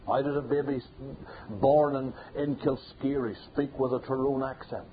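A man preaching a sermon, hammering points home through repetition and building to loud peaks. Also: medium pitch, level tone, normal speed. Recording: tinny phone-like sound with faint hiss.

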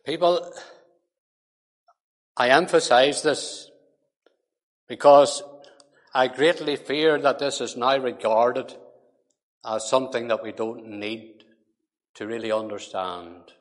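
A man preaching a sermon, slow and deliberate, swinging between quiet low passages and loud forceful emphasis. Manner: emphatic, rising to forceful peaks then dropping low. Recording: long hall reverb.

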